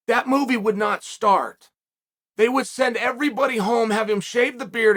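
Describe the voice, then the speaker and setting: A man holds forth on his own show in a loud, cocksure monologue, talking straight to his audience. His voice sits very high for a man, and the tone is bright and forceful. He hammers his points home with full confidence. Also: brisk. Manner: brash, self-assured and emphatic, addressing viewers as "guys". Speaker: podcast host. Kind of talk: casual commentary monologue.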